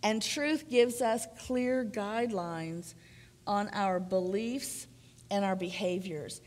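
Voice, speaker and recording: A woman preaching in a church sanctuary, taking her time and weighing each phrase. Her voice is earnest and emphatic, delivered at a slow, deliberate pace. Long reverb trails behind her words. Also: medium pitch, a little mellow. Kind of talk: sermon.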